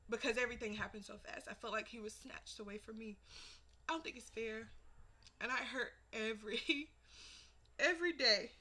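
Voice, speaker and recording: Woman storytelling in a doc interview, high bright voice, acts out her family's lines, goes loud then hushed. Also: fairly even intonation, fairly quick. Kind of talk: personal storytelling in a documentary interview.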